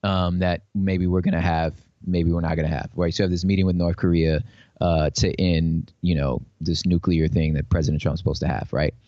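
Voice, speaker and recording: A man's voice: low-pitched, little pitch movement, fairly quick, warm tone, dry recording, highs cut off. A man on a podcast, casual and slangy, who tells stories animatedly and acts out voices as he goes. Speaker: podcast guest. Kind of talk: casual chat.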